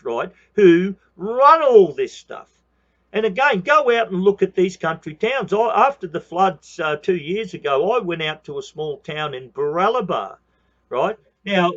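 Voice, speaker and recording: Older aussie bloke in his 60s ranting to camera, swears a lot, keeps saying mate, slightly high voice, muffled lo-fi audio. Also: fairly bright tone. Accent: Australian. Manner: heated, profane, repeats phrases, says mate often. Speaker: channel host. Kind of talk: ranting monologue.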